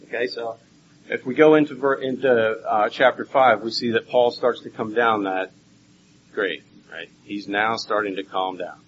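A man preaching a Bible teaching sermon, animated and swinging between loud and hushed. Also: on the low side, normal speed, a little hiss or hum. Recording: dull lo-fi recording with faint ambience.

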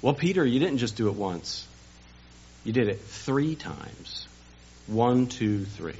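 A man preaching a Sunday sermon, telling a story dramatically and building to loud emphasis, on a dull, lo-fi recording. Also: medium pitch, big pitch swings, slow, a little hiss or hum. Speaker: pastor.

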